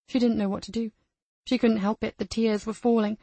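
A woman reading a crime novel aloud as the narrator, in a measured storytelling manner. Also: fairly high pitch, level tone, dark tone, husky, no echo. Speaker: audiobook narrator. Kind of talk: scripted narration.

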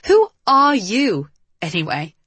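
A woman's voice: mid-range voice, lively intonation, fairly quick, slightly rough, dry recording, pitched above the performer's own voice. A woman voicing a sensible young woman fighter who speaks in a clipped, matter-of-fact way. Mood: biting.

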